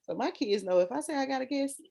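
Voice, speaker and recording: A woman's voice: high-pitched, fast, gravelly. A woman who is a teacher, telling a story in casual chat and acting out the voices of the people she quotes. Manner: animated, acts out quoted voices.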